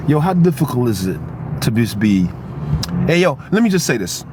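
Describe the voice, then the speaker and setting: A middle-aged man ranting casually on the street in an emphatic, slangy, animated way. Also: medium pitch, moderate pace. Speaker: actor. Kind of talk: casual street vlog rant. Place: outdoors on a street near traffic. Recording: noisy street recording with traffic.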